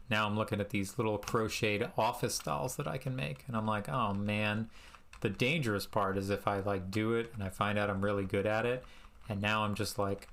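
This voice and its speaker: A man streaming a retro game live, chatting in a rambling, sarcastic and self-mocking way, with sudden high exasperated outbursts. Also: fairly bright tone. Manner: bursts into high exasperated exclamations.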